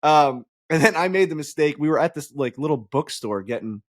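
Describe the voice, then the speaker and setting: Animated young man telling stories. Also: on the high side, a little fast. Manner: animated storyteller, swears, acts out barking roars. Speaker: podcast co-host. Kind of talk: casual chat.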